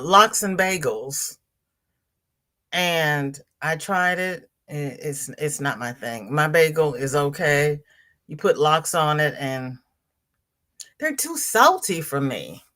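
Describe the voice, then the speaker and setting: A woman's voice: low voice, fairly bright tone. A woman hosting a casual livestream from home, reading viewers' comments aloud and answering them in a chatty way. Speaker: livestream host.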